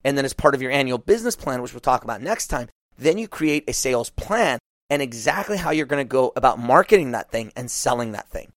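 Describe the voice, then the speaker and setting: Animated man coaching on business. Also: medium pitch, dry recording, studio quality. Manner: animated, acts out clients' lines in quick asides.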